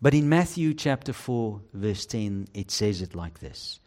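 Slow, lively-pitched male preacher. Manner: emphatic, rhetorical questions, dramatic drops to low quiet phrases. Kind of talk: sermon.

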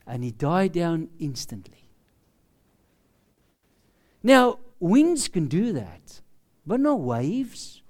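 A man preaching a sermon, slow and emphatic, often dropping to a hushed voice for effect. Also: on the high side, very animated. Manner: slow, emphatic preaching with dramatic drops to a hush.

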